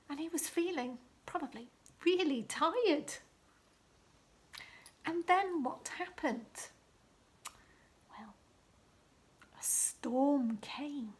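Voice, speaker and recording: A woman leading a children's liturgy, telling a Bible story slowly and expressively, often dropping into a hushed whisper and asking the children questions. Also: high-pitched. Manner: asks the listener questions, slow and expressive.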